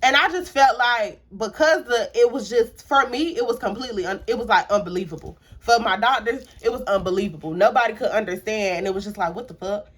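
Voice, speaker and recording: A woman's voice: on the high side, brisk, hardly any pauses, breathy edge. A young woman, telling a personal story in a casual storytime vlog, talking with lots of fillers and acting out quotes. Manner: casual and animated, with frequent fillers and acted-out quotes. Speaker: YouTuber.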